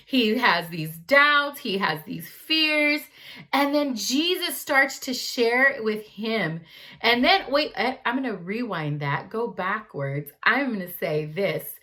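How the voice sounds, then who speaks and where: Woman youth speaker, bright tone, slangy lively storyteller. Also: on the low side, unhurried. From California. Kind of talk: youth club Bible talk.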